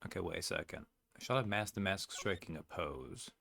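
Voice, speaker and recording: A man's voice: low voice, expressive, fairly quick, creaky, pushed and bright, slight background noise. A man giving casual, wry commentary while playing through a game. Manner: chatty, wry asides. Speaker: let's-play streamer.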